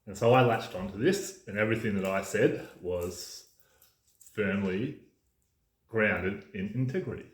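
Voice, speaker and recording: A man's voice: fairly low pitch, measured pace. A man delivering an emphatic, ranting casual monologue as a podcast host, swearing freely. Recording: roomy echo.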